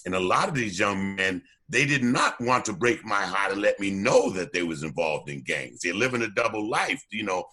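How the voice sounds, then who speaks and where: A man, a documentary co-producer and former youth coach, talking casually in a radio interview as an animated storyteller who often repeats his words while getting going. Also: fairly low pitch, normal speed, few pauses.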